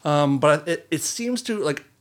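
A man's voice: fairly high pitch, animated, measured pace. A man co-hosting a casual podcast chat, teasing with dry jokes. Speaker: podcast co-host.

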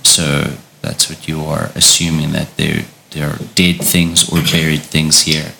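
A man running a tabletop horror game as game master, describing scenes in a halting way and often repeating words as he goes. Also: rumbling low, level tone, vocal fry, bright, forceful tone, a little hiss or hum.

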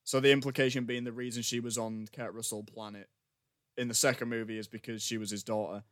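A man's voice: mid-range voice, little pitch movement, quick pace, fairly bright tone, dry recording, clean studio sound. A man co-hosting a podcast, rambling casually in sardonic griping about a film. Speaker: podcast co-host. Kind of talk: casual chat.

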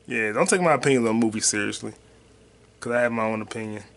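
Excitable, profane man hosting a podcast. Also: lowish voice, quick pace, gravelly. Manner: excitable, profane, slangy, drifting off to mutter while reading comments. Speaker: podcast host. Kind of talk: casual solo podcast chat.

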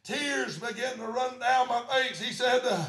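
A man, preaching a storytelling sermon. He shouts his refrains and fills pauses with "uh". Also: extremely high pitch, roomy sound. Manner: animated preaching, shouting refrains, many "uh" fillers. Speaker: pastor.

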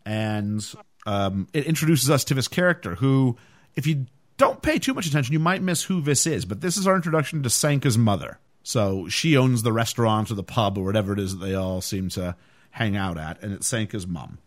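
A man's voice: on the low side, lively intonation, a little fast. A man hosting a podcast, chatting casually and animatedly about a film, with frequent fillers. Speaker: podcast host.

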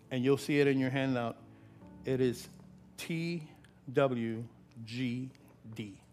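A man preaching a sermon, building from quiet talk to loud, shouted repetitions with drawn-out phrasing. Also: medium pitch. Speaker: pastor.

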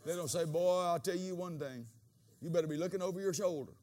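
A man preaching a sermon as pastor, swinging between quiet asides and loud, animated bursts, and acting out quoted dialogue in changed voices. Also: high-pitched, fast talker.

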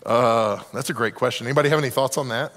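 A man teaching a leadership class to a live group, telling stories in an animated way and acting out the voices of the people he quotes. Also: mid-range voice, fast talker. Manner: animated, acts out quoted voices, self-deprecating. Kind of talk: storytelling talk to a live group. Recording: long reverb of a hall.

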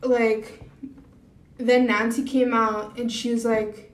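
A woman's voice: a little high, flat delivery, slow. A young woman casually telling a story on a podcast, cursing freely and acting out what people said. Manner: swears a lot, retells scenes with acted quotes. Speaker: podcast co-host. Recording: echoey room, mic at a distance.

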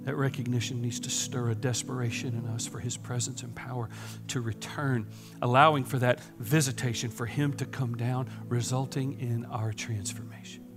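A man preaching a sermon, swinging from hushed whispers to loud, impassioned preaching. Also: mid-range voice, steady tone, moderate pace, few pauses, loud music behind the voice. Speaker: pastor.

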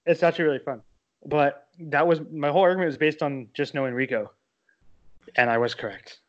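A young man with a slightly high voice rambles through casual podcast chat, piling on fillers. His sound is a little dull and lo-fi. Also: steady tone. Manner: rambling, heavy on "like", quick to laugh. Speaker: podcast co-host.

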